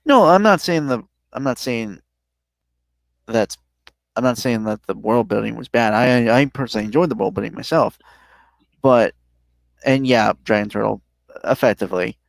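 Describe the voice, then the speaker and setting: A man co-hosting a podcast who sounds tired and talks in a relaxed, hedging way, starting often with "um". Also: medium pitch, normal speed, creaky, long pauses, dry recording. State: tired, yawning. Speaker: podcast co-host. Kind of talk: casual chat, movie review.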